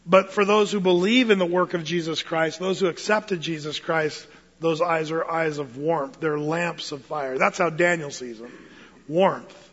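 A man delivers a sermon from the pulpit, his voice pitched high as he slips into playful voices for the people in his Bible stories. The sound is a little muffled, and a long reverb trails after each phrase in the sanctuary. His delivery stays lively and conversational throughout. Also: a little slow. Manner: animated, acts out quotes in funny voices. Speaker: pastor.

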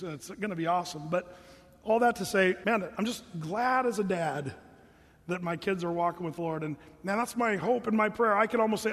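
A middle-aged male pastor delivers a sermon in a high, earnest voice. His manner is folksy and he speaks directly to the congregation. A long reverb trails behind his words in a large church room.

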